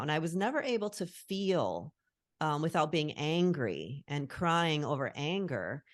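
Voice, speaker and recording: Very deep-voiced middle-aged woman. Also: big pitch swings, unhurried, no echo, clean studio sound. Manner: earnest, reflective, searching for words. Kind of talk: casual conversation on a call. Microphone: call recording.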